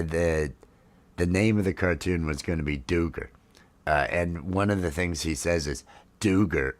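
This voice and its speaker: Very low-voiced rambling man in his fifties. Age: 50s. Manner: rambling, lots of fillers and restarts, folksy. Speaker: livestream host. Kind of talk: casual live chat. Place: home, drinking coffee while streaming.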